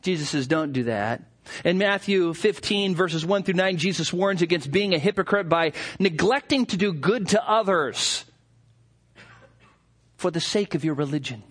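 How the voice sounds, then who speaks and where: A man preaching a sermon, talking animatedly and mocking hypocrites with quick impressions. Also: high voice, lively intonation, a bit bright. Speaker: pastor.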